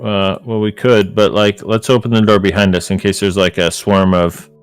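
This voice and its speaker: A man's voice: on the low side, little pitch movement, moderate pace, clean tone, faint music behind. A man playing a tabletop game, chatting casually and joking with many fillers. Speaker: player.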